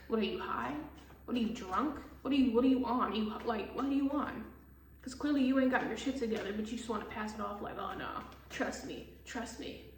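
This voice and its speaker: A woman's voice: on the high side, recorded from a distance. A woman giving a casual tarot reading in a blunt, profane, exasperated way, laughing often. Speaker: tarot reader. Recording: echoey room with faint hiss.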